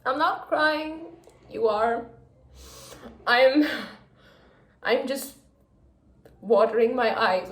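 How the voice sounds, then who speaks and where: A young woman reacting emotionally to a book in a casual reading vlog, going from hushed gushing to loud exasperation. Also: on the high side, very slow, long pauses. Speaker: book vlogger. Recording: echoey room.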